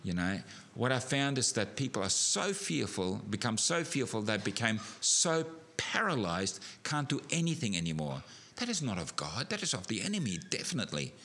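A middle-aged man preaching a sermon, animated, building to emphatic peaks with frequent restarts. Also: fairly low pitch, normal speed.

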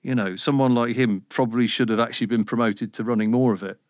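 50s radio guy being interviewed, animated, swears a bit, dry close mic. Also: medium pitch, fast talker, dry recording. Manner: animated, swears, mimics voices in anecdotes. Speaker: radio presenter guest. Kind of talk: casual interview chat.

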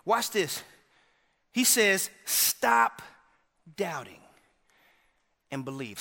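A man's voice: fairly high pitch, vocal fry. Male pastor preaching in a reverberant church. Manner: dynamic preaching, swinging from shouts to hushed lines; keeps checking in with the congregation. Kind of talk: sermon. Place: church sanctuary.

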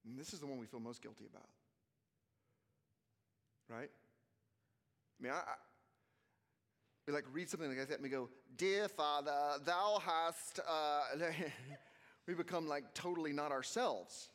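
Animated preacher in a reverberant hall. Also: male voice, medium pitch, moderate pace, pauses often. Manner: animated, swings between hushed and loud, acts out quotes. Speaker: youth conference speaker. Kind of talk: energetic sermon.

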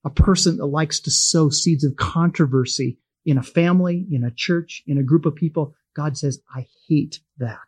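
A middle-aged man gives a Bible teaching in a folksy, storytelling manner. His voice is husky and sits a little high for a man. He chuckles easily and keeps it conversational. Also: moderate pace, few pauses, darkish tone.

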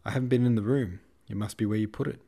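A man's voice: fairly low pitch, steady tone, quick pace, creaky, dark tone. A man voicing a male orderly who protests his innocence. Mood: defensive. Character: male orderly, defensive servant.

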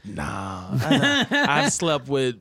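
A man's voice: on the high side, extremely slow, no echo, clean studio sound. A young man from St. Louis, a comedian telling wild stories in casual chat, laughing often and acting out what people said. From St. Louis, USA. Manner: animated, laughs often, acts out quotes. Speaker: guest comedian. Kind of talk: casual storytelling.

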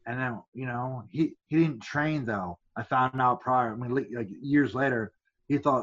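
A man's voice: medium pitch, a little fast, a bit bright, muffled recording. A man, a former fighter, telling rambling stories as a podcast guest, stumbling and restarting often and acting out other people's lines. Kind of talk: casual storytelling.

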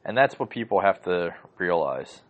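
A man's voice: low-pitched, lively intonation, normal speed, highs cut off. A man hosting a podcast from home, ranting casually and heatedly, swearing often and rambling through lots of fillers. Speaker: podcast host. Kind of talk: casual rant.

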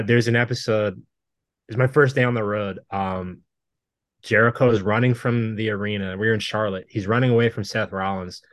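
A man's voice: on the low side, fairly bright tone, dry recording, studio quality. A man guesting on a podcast, telling rambling anecdotes casually and laughing things off. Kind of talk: casual storytelling chat.

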